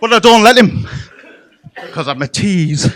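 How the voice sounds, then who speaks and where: Unhurried, a man performs stand-up in a comedy club, bawdy and playful, throwing deadpan remarks at the crowd. His voice sits high and moves widely in pitch.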